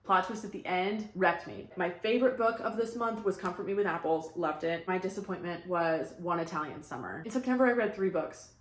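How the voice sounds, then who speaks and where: A young woman giving casual, blunt book reviews in a vlog, upbeat with quick asides. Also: on the low side, lively intonation. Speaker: book vlogger. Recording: echoey room.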